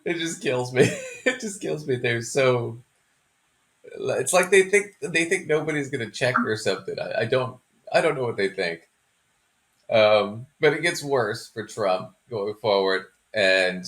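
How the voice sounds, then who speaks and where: A man with a lowish voice hosting a podcast, easygoing and jokey, breaking into laughter between points as he walks through the story. his tone stays loose and conversational. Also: a bit bright. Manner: laughs often, joking and chatty. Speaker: podcast host. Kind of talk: casual chat.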